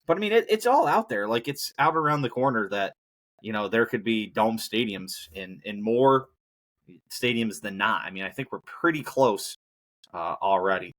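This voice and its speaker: Hobbling on an injured knee, a man hosts a solo podcast, rambling casually and breaking into profane rants. His voice is lowish and fairly bright, animated, at a moderate pace.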